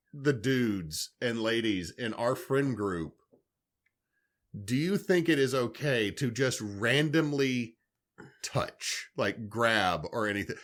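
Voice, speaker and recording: A man, telling animated stories on a podcast, swearing freely. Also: mid-range voice. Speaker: podcast co-host. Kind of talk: casual storytelling chat.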